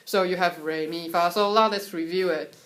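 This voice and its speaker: A young woman from Taiwan giving a casual, chatty lesson on Mandarin tones at home, sometimes singing syllables to show the pitches. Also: moderate pace, over loud music. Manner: relaxed, chatty, breaks off to soothe her cat; sings syllables and solfege to demonstrate tones. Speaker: Mandarin tone teacher.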